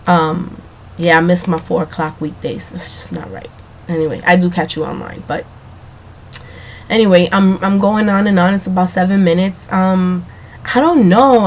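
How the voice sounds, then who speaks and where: A woman keeping a casual video diary, chatty and rambling, talking straight to the viewer, slightly hoarse from allergies. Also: fairly low pitch, darkish tone, slight background noise.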